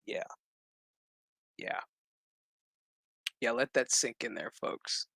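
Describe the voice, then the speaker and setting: A man's voice: medium pitch, slow, vocal fry, no room sound. A man casually recapping a TV episode, swearing a lot, ranting and acting out the characters' lines. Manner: animated, swearing, acts out dialogue; exasperated rant. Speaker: show recap host.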